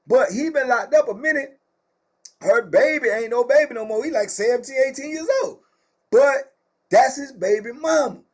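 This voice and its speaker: A middle-aged man telling prison stories in casual, slangy speech, animated and acting out what people said. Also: extremely high pitch, normal speed. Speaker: storyteller host. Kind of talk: casual prison story time.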